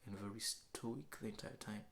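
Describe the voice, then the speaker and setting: A man with a low voice speaks in a slow, reflective confessional monologue. He keeps slipping from quiet speech into a hushed whisper, recorded indoors in an apartment. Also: vocal fry, slight background noise. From Kenya. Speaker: vlogger. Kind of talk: late-night confessional monologue.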